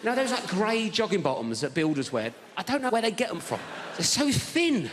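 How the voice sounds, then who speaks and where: Animated comic, lively pitch. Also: male voice, brisk, slight background noise. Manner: animated, exasperated storytelling. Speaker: stand-up comedian. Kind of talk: stand-up storytelling. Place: large theatre stage. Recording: live theatre with hall reverb.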